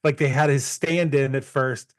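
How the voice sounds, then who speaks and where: A man's voice: medium pitch, fairly even intonation, normal speed, no room sound, clean studio sound. A man co-hosting a movie podcast in casual chat, rambling and laughing as he retells anecdotes. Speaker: podcast co-host.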